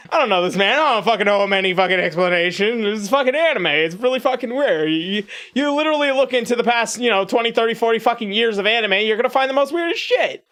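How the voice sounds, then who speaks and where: A man delivers a comedic commentary rant. He swears constantly and is sarcastic, often restarting his sentences mid-thought. His pitch is mid-range and unremarkable. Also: fairly bright tone. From United States. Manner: crude, profane, sarcastic, halting restarts. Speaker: YouTube commentator.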